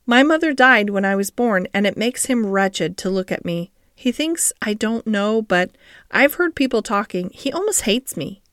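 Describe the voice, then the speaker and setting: A woman's voice: mid-range voice, animated, moderate pace, a bit bright, no echo, studio quality, close to an everyday voice. A woman voicing a sickly, fretful young boy in an audiobook, anxious and petulant.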